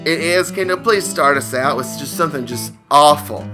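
A man co-hosting a comedy podcast, trading jokes in playful, drawn-out casual banter. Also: a little high, music in the background. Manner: playful, jokey, slow and drawn out. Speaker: podcast co-host. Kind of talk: casual joke-telling banter.

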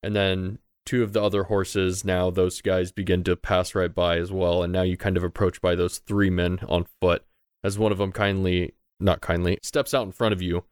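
Male game master, very deep voice, smooth, dry close mic. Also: normal speed, dry recording. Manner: relaxed, filler-heavy narration. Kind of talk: narrating a tabletop game.

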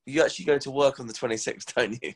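A man's voice: medium pitch, fast talker. A man co-hosting a sports podcast, talking bluntly and earnestly. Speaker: podcast co-host. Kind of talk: casual sports podcast chat.

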